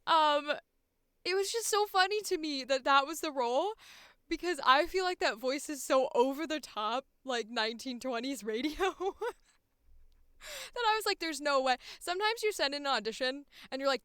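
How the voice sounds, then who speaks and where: A woman's voice: high-pitched, lively intonation, moderate pace, fairly bright tone, no echo, clean studio sound. A young woman, a voice actor, chatting casually and bubbly on a livestream, rambling and laughing often. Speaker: voice actor streamer.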